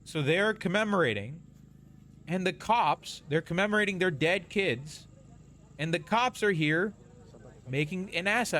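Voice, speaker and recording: Brief: male streamer-style commentator, pitched a bit high, explanatory, blunt, restarts often. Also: animated, measured pace, fairly bright tone, a little hiss or hum. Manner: explanatory, restarts and corrects himself; blunt, scornful toward police. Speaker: commentator reacting to footage. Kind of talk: casual commentary over video.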